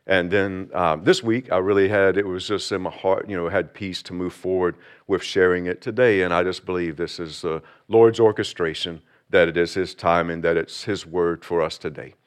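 A man pastor giving a sermon, moving from quiet talk and prayer into slow, emphatic, rising preaching. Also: low-pitched, steady tone, clean tone. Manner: builds from quiet intro to fervent preaching, slow emphatic phrases; prays aloud.

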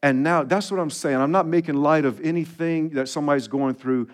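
A man preaching a sermon with a slightly higher-than-usual voice. He reads scripture aloud and leads his listeners to repeat verses with him. He builds his points through emphatic repeated refrains. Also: fairly quick. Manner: preaching with rising, emphatic repetition. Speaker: pastor.

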